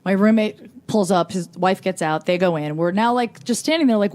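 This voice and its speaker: A woman tells a long anecdote as a guest on a comedy podcast. She pitches her voice in the middle range, lets it rise and dip with the drama, and acts out the lines she quotes. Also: fairly quick, hardly any pauses. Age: 20s. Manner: animated storyteller who acts out shouted quotes.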